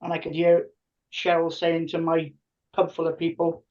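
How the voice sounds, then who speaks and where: A man's voice: a little high, moderate pace, far from the mic. A man in his fifties, a podcast guest who tells stories animatedly and acts out what people said. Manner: animated, acts out quoted dialogue. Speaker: podcast guest, tribute band singer. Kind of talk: casual storytelling. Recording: muffled lo-fi audio.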